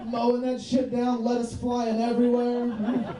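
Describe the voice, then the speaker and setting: A man's voice: very high voice, monotone, unhurried, crowd noise. A young man performing stand-up comedy in a small club, loose and profane, padding his jokes with fillers like "you know what I mean". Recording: echoey club from a distance.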